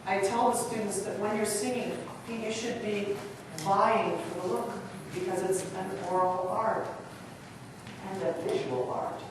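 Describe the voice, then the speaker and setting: A woman's voice: mid-range voice, unhurried, recorded from a distance, noisy background. A chatty woman lecturing in an echoey hall. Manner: lively, chatty, acts out whispered demonstrations. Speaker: choral conductor giving a workshop. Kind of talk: conference lecture with demonstrations. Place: large conference hall.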